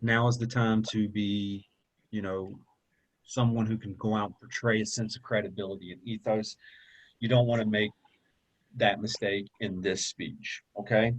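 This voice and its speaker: A man's voice: lowish voice, steady tone, normal speed, low-quality recording. A man teaching a public speaking class in a casual, conversational way, often checking in with "okay?" and "right?". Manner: conversational, repeats points, asks okay and right. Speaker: college public speaking instructor.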